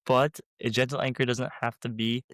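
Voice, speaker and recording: A man's voice: moderate pace, dry recording. Young man, casual podcast co-host. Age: young adult. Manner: animated, jumping up in pitch to quote people. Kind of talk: casual chat.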